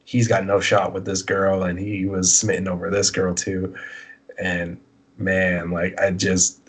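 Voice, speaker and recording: Husky low-voiced guy rambling thru a story, doing the voices of people in it. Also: measured pace. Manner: rambling, animated storyteller acting out dialogue. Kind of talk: casual podcast storytelling.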